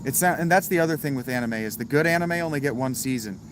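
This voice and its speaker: A man's voice: mid-range voice, quick pace, noisy background. A man hosting a casual livestream, answering viewers in chat with a laid-back, wry manner and some swearing. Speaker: livestream host reading chat.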